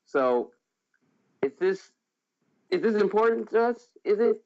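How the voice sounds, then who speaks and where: A man's voice: high voice, lively intonation, a little slow. A man giving movie news updates on a podcast in a loose, informal way. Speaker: podcast co-host reading news. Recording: dull lo-fi audio.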